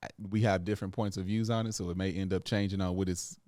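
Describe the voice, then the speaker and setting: A man's voice: low voice, fairly even intonation, fast talker, a little mellow, dry recording, clean studio sound. A man co-hosting a podcast, chatting in a laid-back, joking way with slang. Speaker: podcast co-host. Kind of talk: casual podcast chat. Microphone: studio microphone.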